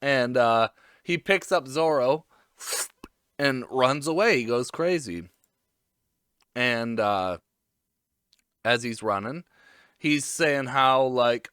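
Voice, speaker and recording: A man's voice: mid-range voice, slow pace, long pauses, a bit bright, smooth, no room sound, clean studio sound. A young man giving a casual, crude, joking anime recap, with lots of fillers. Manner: crude, jokey, full of fillers.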